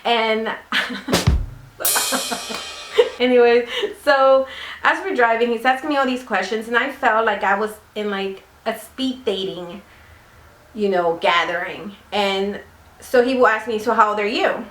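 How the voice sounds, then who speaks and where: A woman's voice: a little high, normal speed, fairly bright tone, soft background music. A woman vlogger telling a casual story in a chatty, rambling way, full of fillers. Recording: roomy echo.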